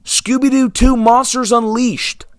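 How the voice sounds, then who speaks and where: Very high-pitched and a little slow, with fairly even intonation, a young movie vlogger complains casually to viewers about films and theaters. He's sarcastic and exasperated, moving from mumbles to outbursts, and the studio sound is clean with no room sound.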